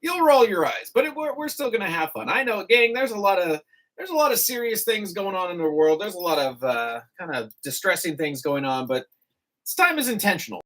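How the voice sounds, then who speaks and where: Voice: mid-range voice, big pitch swings, brisk, a bit bright. A morning radio host chatting casually and reading out listener jokes with groans and chuckles at a studio microphone.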